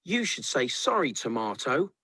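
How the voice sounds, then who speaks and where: A man squeaks out a small strawberry girl from a picture book, very high and thin. The voice has a lively lilt with a slightly husky grain. It sounds close and dry. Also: slow, dry recording, full character voice. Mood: hurt. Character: sunbathing female strawberry, easily hurt.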